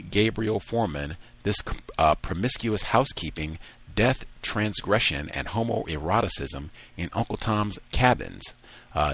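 A man hosting a call-in talk show, reading a passage aloud and then chatting in relaxed asides. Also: low voice. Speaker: radio talk show host.

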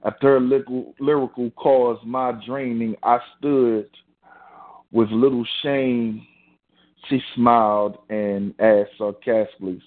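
A man performing a slow, sensual spoken-word poem as host, speaking deliberately. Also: mid-range voice, steady tone. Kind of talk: spoken-word poetry reading. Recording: tinny phone-line sound.

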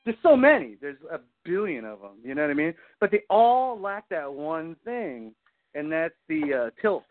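A podcast host with a high-leaning, very animated voice chats casually at a moderate pace, rambling and swearing constantly. He keeps saying "you know what I mean," and the audio sounds tinny, like a phone.

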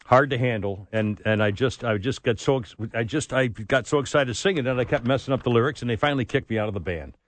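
A man's voice: mid-range voice, fast talker, few pauses, no room sound. Joking male talk radio host. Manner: jokey, self-mocking.

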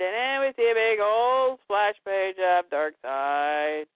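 A woman's voice: medium pitch, slow pace, hardly any pauses, no room sound. Woman recapping comics over a phone line. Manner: reads comic lines aloud with asides. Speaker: podcast host. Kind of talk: casual comic book recap.

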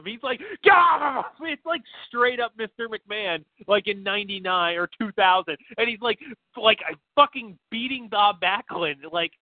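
A man's voice: sits high, dry recording. A man co-hosting a podcast, rambling casually with lots of fillers and profanity. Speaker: podcast co-host. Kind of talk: casual chat. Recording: tinny phone-like line, dry.

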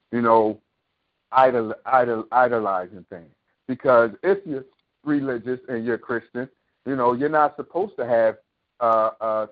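A man on a talk show rants in an impassioned, preachy way, firing off sarcastic rhetorical questions and swearing as he makes his point. His voice sits at an everyday middle pitch. It comes through thin and narrow, like a phone line. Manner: impassioned, preachy ranting with profanity. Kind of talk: opinionated monologue. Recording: tinny phone-like sound.

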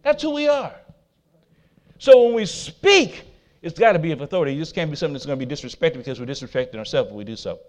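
Pastor guy preaching, kinda high voice, gets loud then goes quiet, talks right to the church. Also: animated, fast. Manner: emphatic preaching with swings between loud declarations and quiet asides; laughs at himself, talks to the congregation. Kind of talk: sermon.

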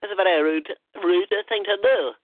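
A man's voice: high voice, dry recording. A man voices a blustering comedy caller with a thick Korean accent who stumbles through broken English and bristles at any teasing. The sound is squeezed and lo-fi, like a phone line, and completely dry. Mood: indignant. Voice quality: halting broken English, filler-heavy. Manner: touchy, easily offended. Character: blustering self-important male caller, rambling.

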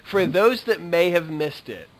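A man's voice: fairly high pitch, unhurried, rough recording. A man hosting a comics podcast, chatting casually and joking with his co-hosts. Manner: joking, animated banter. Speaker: podcast host. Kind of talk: casual chat.

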